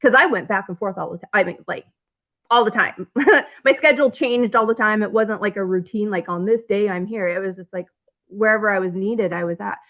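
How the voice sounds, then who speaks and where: A woman's voice: mid-range voice, brisk. A woman telling her own story as an interview guest, acting out both sides of phone calls, with nervous laughs and stumbling restarts. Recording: thin phone-like audio.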